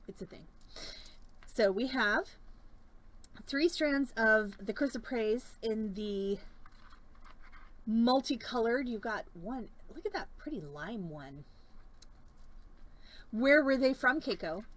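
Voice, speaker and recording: A woman's voice: on the high side, fairly bright tone, low-quality recording. A woman in her forties hosting a live-stream bead sale, chatting casually, rambling into stories and laughing often.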